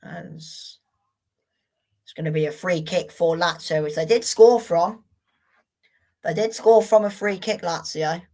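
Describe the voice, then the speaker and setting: A woman's voice: on the low side, normal speed, dark tone. A young woman hosting a live football watchalong, chatting to viewers in a frustrated, sweary way. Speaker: watchalong host.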